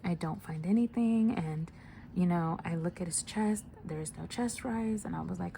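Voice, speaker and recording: A woman with a low, gravelly voice recounts a story from her nursing work in a relaxed, conversational way. She often drops to a hushed near-whisper and fills her sentences with "like" and "you know". A faint hiss sits under the recording. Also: normal speed. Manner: soft, hushed delivery with many fillers. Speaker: hospice nurse telling a story. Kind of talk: casual storytime.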